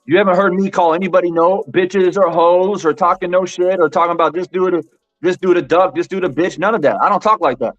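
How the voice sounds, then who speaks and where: In a high voice with fairly even intonation, a boxing stream host speaks a little fast to his chat. He's emphatic, repeats his points, and keeps saying "bro," over a dull lo-fi recording with faint music.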